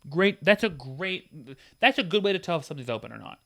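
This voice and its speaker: Bright, animated man ranting about customers. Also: a little high, a little fast, gravelly. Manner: animated, sarcastic-sounding ranting. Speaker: podcast co-host. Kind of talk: casual chat.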